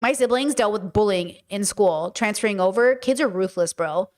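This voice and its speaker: A woman hosting a casual livestream, talking to her chat in a blunt, animated way and swearing freely. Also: medium pitch, moderate pace. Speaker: streamer host.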